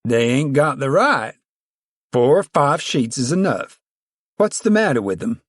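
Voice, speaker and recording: A man's voice: medium pitch, sing-song, a little slow, no echo, pitched above the performer's own voice. Male reader plays bossy rural woman chairing committee; stern, drawling, dry close read. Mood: scolding.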